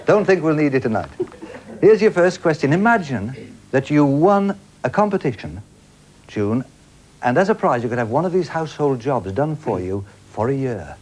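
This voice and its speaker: A man's voice: mid-range voice, big pitch swings, moderate pace, a little mellow. A man hosting a studio game show with a jokey, teasing patter and a studio audience.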